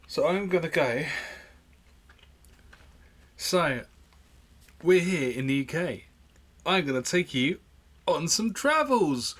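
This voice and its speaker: A man's voice: fairly high pitch, animated, takes it slowly, long pauses, fairly bright tone. A man co-hosting a casual podcast, joking and self-mocking, talking into a studio mic with a pop guard. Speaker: podcast co-host. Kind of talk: casual banter. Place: UK home studio.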